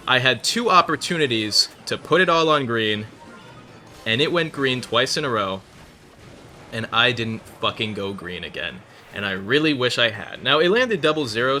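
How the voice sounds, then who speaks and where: Bright-voiced man telling a story while gaming. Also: medium pitch, slight background noise. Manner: rambling, swears, breaks off to react to the game. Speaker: gaming video creator. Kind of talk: casual storytelling over live gameplay.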